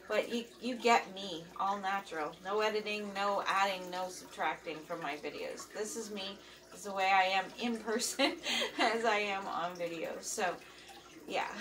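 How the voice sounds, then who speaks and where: Chatty woman, distant mic. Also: mid-range voice. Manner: rambling and chatty, with many fillers. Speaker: vlog host. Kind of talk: casual chat. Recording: distant mic with running water noise.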